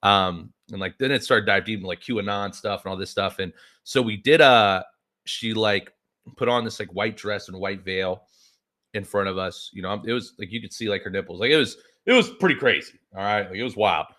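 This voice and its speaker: A man's voice: on the low side, brisk, bright, forceful tone. A man on a podcast casually telling a long story, swearing freely and rambling with lots of filler words. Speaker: podcast host.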